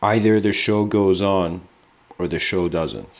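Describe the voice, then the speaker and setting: A man's voice: low-pitched, a little slow. A man giving a casual lecture, rambling and informal with lots of filler words.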